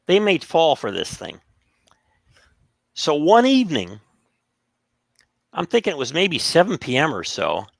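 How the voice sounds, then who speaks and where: A man's voice: a little high, unhurried, vocal fry, pauses often, dry recording, clean studio sound. A man casually telling stories on a podcast, acting out the voices of the people in them. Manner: animated, acts out quoted voices. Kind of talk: casual storytelling.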